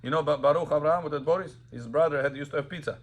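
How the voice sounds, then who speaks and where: A male rabbi teaching a class on Sabbath laws to students. He quizzes them, tells lively anecdotes, and switches between languages. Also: a little high, rapid-fire, slight background noise. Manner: animated storyteller, quizzes students, mixes in Russian and Hebrew.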